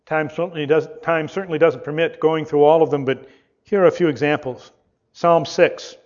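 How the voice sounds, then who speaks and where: A man preaching a sermon, reading scripture aloud with rising fervor and slowing down to stress key words. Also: on the high side. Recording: dull lo-fi sound.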